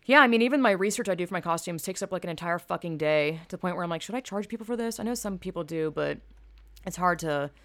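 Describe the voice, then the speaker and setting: A young woman talks alone on her podcast in a loose, rambling way, full of fillers and casual swearing. Her voice sits a little low, and she is blunt and frank about whatever is on her mind. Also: fast talker, fairly bright tone. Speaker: podcast host. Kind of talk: casual solo podcast monologue.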